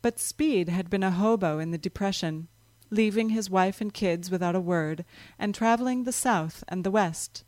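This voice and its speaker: A woman narrating a story in a calm, measured reading voice. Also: mid-range voice, no room sound.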